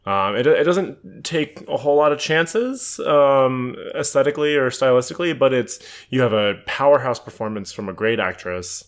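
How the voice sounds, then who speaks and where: A man co-hosting a podcast in casual chat, talking haltingly with many ums and restarts. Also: medium pitch, animated. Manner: filler-heavy, hesitant, with repeated restarts. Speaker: podcast co-host.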